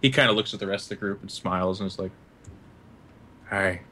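Man, tabletop player, halting, bright tone. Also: low-pitched, a little hiss or hum. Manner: halting, repeats words. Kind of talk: narrating his character's actions.

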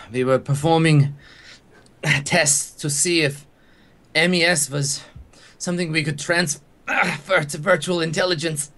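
A man's voice: on the high side, a bit bright, voice pushed up. A man voicing a nervous male scientist in a lab coat who pleads and frets about his experiments. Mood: earnest. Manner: pleading, fussy, rising to panicked yelps.

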